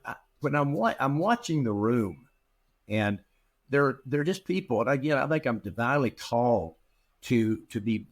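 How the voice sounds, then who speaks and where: A middle-aged man, a practice management consultant, telling stories in an interview and acting out the dialogue he quotes. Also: mid-range voice. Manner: animated, acts out quoted dialogue. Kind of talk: storytelling in an interview.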